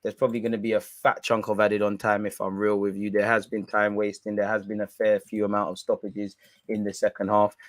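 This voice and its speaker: A young man giving excitable, banter-filled live reaction commentary on a football match. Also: lowish voice, brisk, dry recording. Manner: excitable, banter-heavy, swears. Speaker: football watch-along streamer.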